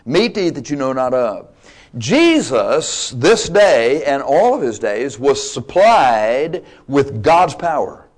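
A man's voice: medium pitch, sing-song, slow pace. A man preaching a sermon, emphatic and dynamic, with playful asides to the congregation. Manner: emphatic, swings between loud and quiet, playful asides.

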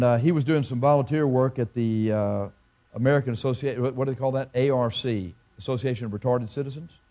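A man preaching a sermon as a pastor, telling a story and pressing his point with emphatic repetition and halting restarts. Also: mid-range voice, dark tone.

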